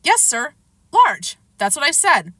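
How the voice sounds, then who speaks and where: A woman voicing a short sixth-grade boy who blurts and insists, in a bright, raised voice. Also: high voice, huge pitch swings, takes it slowly, dry recording, voice pushed up, full character voice. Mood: insistent.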